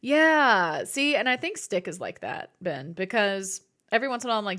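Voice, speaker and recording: A woman's voice: medium pitch, very animated, quick pace, hardly any pauses, a bit bright. A woman streaming live, chatting with her viewers in a bubbly, chatty way. She giggles often and playfully acts out her own thoughts. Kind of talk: casual live-stream chat, reading viewer messages.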